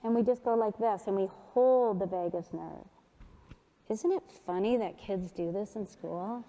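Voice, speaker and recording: Upbeat woman in a reverberant hall. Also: mid-range voice. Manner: upbeat, playful and self-mocking, with slow soft cues. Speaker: keynote speaker leading breathing exercises. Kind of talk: guided breathing and movement talk to an audience. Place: large conference hall.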